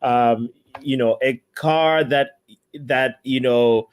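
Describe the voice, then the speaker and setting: A man on a fan forum panel, excitable and laughing often, with plenty of hesitant fillers. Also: mid-range voice, takes it slowly, smooth. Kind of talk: casual football fan chat.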